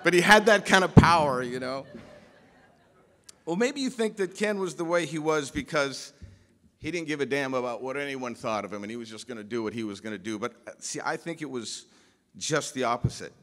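A man giving a humorous, story-filled memorial speech with restarts and emphatic pauses, in a large pavilion hall. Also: medium pitch, animated, sharp tone. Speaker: eulogist speaking at a memorial. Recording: long hall reverb.

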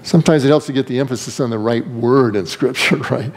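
A man's voice: mid-range voice, a little fast. A man preaching a sermon as pastor, asking rhetorical questions and shifting his emphasis.

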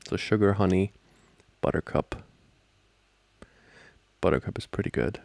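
A young man in a whispered role-play as a boyfriend, soft-spoken and playful, laughing often, close to the microphone. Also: low-pitched, measured pace, gravelly, no echo.

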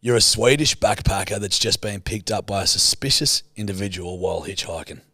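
A man's voice: on the low side, a little fast, pushed and bright, dry recording, studio quality. A man co-hosting a casual podcast, teasing his co-host and swearing freely.

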